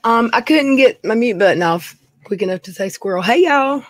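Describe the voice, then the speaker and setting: A woman's voice: fairly high pitch, lively intonation, moderate pace, no echo. A middle-aged woman, chatting casually on a home live stream, reading viewer names and talking in a folksy way. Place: dim room at home.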